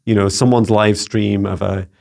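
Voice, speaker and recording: A man's voice: lowish voice, steady tone, normal speed, gravelly, a little mellow. A Scottish man hosting a spiritual guidance channel, talking casually in a musing, searching way with frequent fillers. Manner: musing, searching, full of "you know" and "um". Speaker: psychic mentor, channel host.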